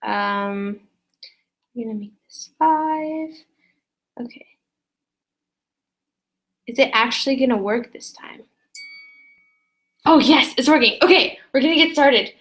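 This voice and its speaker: A teenage girl chatting casually to her viewers, rambling with many fillers and quick apologies. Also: fairly high pitch, fairly bright tone. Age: teens. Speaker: student vlogger. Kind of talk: casual chat to camera.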